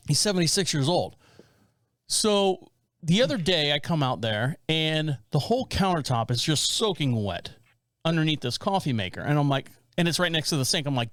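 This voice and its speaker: A man in his forties co-hosts a podcast, telling a long, rambling story in casual chat, animated and full of restarts. His voice is fairly high at a moderate pace, with studio-quality sound and no echo.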